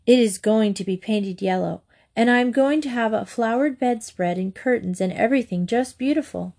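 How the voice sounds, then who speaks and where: Woman reading as a chatty, excited young girl, raised higher voice, storybook. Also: normal speed, vocal fry. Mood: eager. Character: eager young girl, proud of new house.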